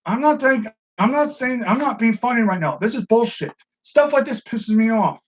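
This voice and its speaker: A man co-hosting a wrestling review show in casual, profane commentary, excitable and acting out what the wrestlers said. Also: very high voice, normal speed. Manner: excitable, swears a lot, acts out quotes. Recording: dull lo-fi sound.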